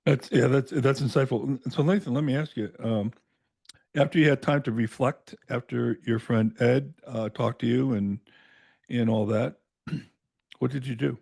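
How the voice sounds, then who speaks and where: A man hosting a podcast, asking questions in a measured, thoughtful way. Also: medium pitch, creaky, a little mellow, breathy edge, no echo. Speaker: podcast host. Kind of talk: interview questions.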